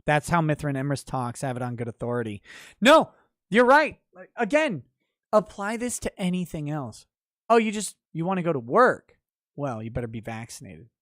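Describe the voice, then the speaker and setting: A man's voice: fairly high pitch, moderate pace, dry recording, clean studio sound. Profane ranting male livestream host. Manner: profane, ranting, laughs between lines; animated with sudden loud bursts. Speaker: livestream host reading chat. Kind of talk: casual livestream chat.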